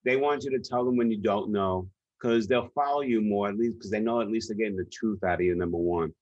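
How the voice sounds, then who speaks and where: A man's voice: on the low side, quick pace, a little mellow, no echo. A man with a New York accent, a guest in an interview, telling stories emphatically and directly. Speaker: guest, leadership author and speaker. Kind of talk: conversational interview. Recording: dull lo-fi sound.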